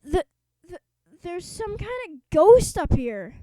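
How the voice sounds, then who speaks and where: A woman voicing an excitable teenage cheerleader girl in a storybook reading, breathless and high. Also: moderate pace, no room sound. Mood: frightened.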